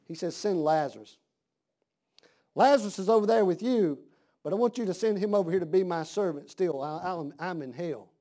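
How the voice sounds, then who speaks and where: High-voiced preacher, hushed to shouting. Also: male voice. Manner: swings from hushed to shouting, drawn-out emphasis. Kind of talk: sermon.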